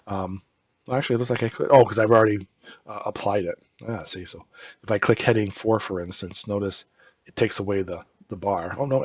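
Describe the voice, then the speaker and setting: A low-voiced, husky man walks through a screen-recorded software tutorial as an instructor. He is relaxed and thinks aloud step by step, with plenty of ums. The recording is slightly muffled and dry, close to the mic. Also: no echo.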